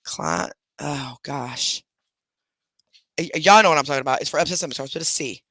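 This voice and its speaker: A man's voice: a little high, moderate pace, sharp tone, no echo. A man hosting a casual live stream from bed at home, rambling through stories and stopping to talk to his pets. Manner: rambling, chatty, talks to pets between stories. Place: at home in a bedroom, lying in bed.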